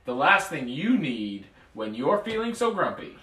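A gentle, friendly gorilla, voiced by a man reading a picture book aloud speaks in an earnest, lifted storybook voice. The voice is bright and lively in pitch. It sounds distant, in an echoey room. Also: unhurried, heavily acted. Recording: echoey room, far from mic.

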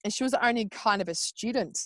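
An Australian woman in her thirties telling her own birth story in casual, animated talk, acting out what people said and swearing freely. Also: medium pitch, quick pace, dry recording. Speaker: podcast guest.

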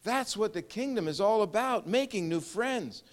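A man's voice: high voice, lively intonation, normal speed. An older man preaching a conversational sermon, often repeating words and chuckling as he talks. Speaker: pastor.

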